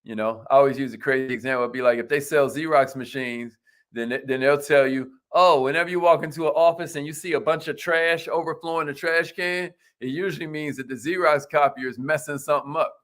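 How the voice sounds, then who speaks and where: A man hosting a live stream about business networking, reading out viewers' comments by name, repeating his phrases and leading affirmations with lively energy. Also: fairly high pitch, fairly quick.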